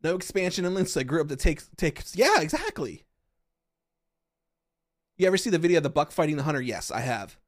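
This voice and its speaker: A man from Western Pennsylvania hosting a podcast, chatting casually with his viewers in loud, profane, excitable rants. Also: fairly high pitch, brisk, long pauses, no room sound, studio quality. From Western Pennsylvania, USA. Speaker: podcast host. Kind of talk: casual chat with live chat.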